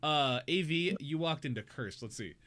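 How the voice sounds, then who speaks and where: A man's voice: a little high, expressive, normal speed, sharp tone. A man hosting a live stream, chatting casually with a rambling, laughing manner. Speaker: streamer and show host.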